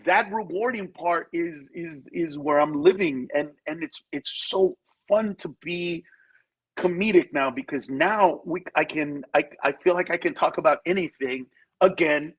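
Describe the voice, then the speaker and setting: A husky, high-voiced man telling comic stories down a Bluetooth phone line. He talks in animated bursts and drops into mocking voices to make a point. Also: a little slow. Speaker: guest comedian. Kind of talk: casual phone-in chat. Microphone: phone over Bluetooth.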